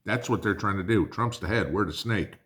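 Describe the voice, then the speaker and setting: Man, deep low voice, angry, blunt, swearing, political rant, prepping channel host. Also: fairly quick, fairly bright tone. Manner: angry, blunt, swears, addresses viewers as guys.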